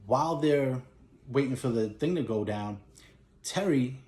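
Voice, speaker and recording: A man's voice: medium pitch, unhurried. Roomy-sounding man retelling a movie. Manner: animated storytelling, acts out lines in a raised voice. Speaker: movie collector and reviewer. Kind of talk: casual plot retelling. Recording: roomy echo.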